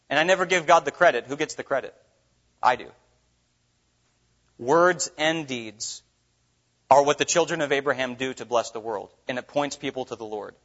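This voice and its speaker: A man's voice: mid-range voice, moderate pace, pauses often, fairly bright tone. A man from Minnesota preaching a sermon as pastor, earnest and full of rhetorical questions. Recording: dull lo-fi recording.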